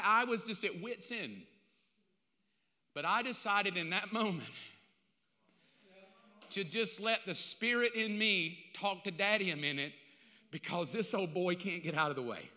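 An older male pastor preaches with a high, piercing, forceful voice. He tells a story on himself, self-mocking and confessional, dropping to near-whispers and then rising again. The sound rings with the long echo of a large hall. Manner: confessional, self-mocking, swings between loud and hushed. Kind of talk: storytelling sermon.

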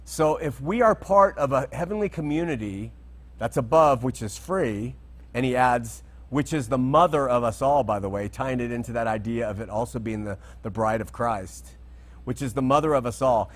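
A man's voice: medium pitch, moderate pace. A man giving an unscripted Bible teaching talk, conversational and digressive, checking that listeners follow.

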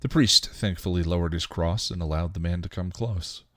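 Deep male reader, dry, for steady story narration. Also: moderate pace, no room sound. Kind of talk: reading fan fiction aloud.

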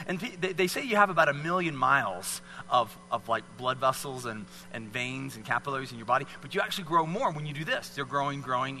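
A man's voice: mid-range voice, sharp tone, long reverb tail. A man leading a live fitness demonstration for an audience, coaching volunteers with encouraging, repeated cues. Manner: encouraging, coaxing, repetitive cues.

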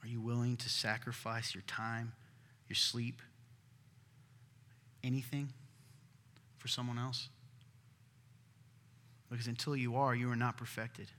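A man preaching a sermon as pastor, earnest and emphatic, sometimes dropping to a hush. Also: mid-range voice, level tone, a little slow, long pauses. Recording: hall reverb.

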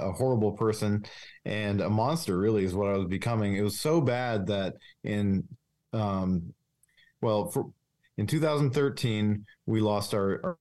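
A man with a somewhat low voice speaks as a guest in a candid interview. His delivery is earnest and confessional. He halts often, restarting phrases and leaning on fillers. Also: a little mellow. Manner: halting, with many restarts and fillers. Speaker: police officer, podcast guest.

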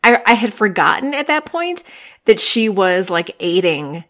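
Podcast host lady, mid pitched voice, rambly and chatty. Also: big pitch swings, a little slow, a bit bright. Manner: chatty, with frequent fillers and restarts, retelling scenes. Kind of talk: casual chat about TV dramas.

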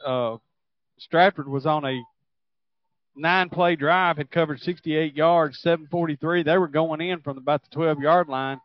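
Folksy, halting football analyst man. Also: a little high, fairly even intonation, dry recording, dull audio. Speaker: color commentator. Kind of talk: football color commentary.

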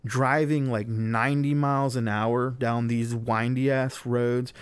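A young man in the middle of a long, rambling story, packed with fillers and plenty of swearing. His voice sits at an ordinary middle pitch. The sound is close and dry, with no room echo. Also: little pitch movement, measured pace, clean tone. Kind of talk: casual podcast storytelling.

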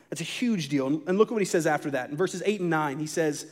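A young male pastor delivers a sermon in a casual, conversational way. His voice sits high, and he gets animated when he acts out the quoted lines. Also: normal speed.

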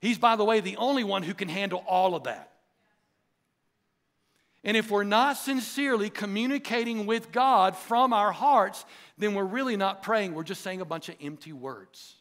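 A pastor preaching a sermon, in an earnest, emphatic style that repeats phrases for weight. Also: male voice, high voice, fairly bright tone.

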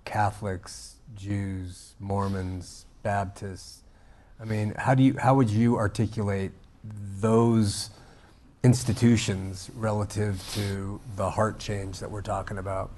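A man hosting the interview, asking a measured question and adding brief affirmations. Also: fairly low pitch, little pitch movement, darkish tone, a little hiss or hum. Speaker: podcast host.

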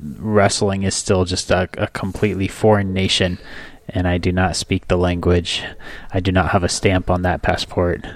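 Low-voiced man co-hosting a chatty podcast. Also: little pitch movement, normal speed, no echo. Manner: easygoing, joking, chatty. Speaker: podcast co-host. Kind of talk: casual chat.

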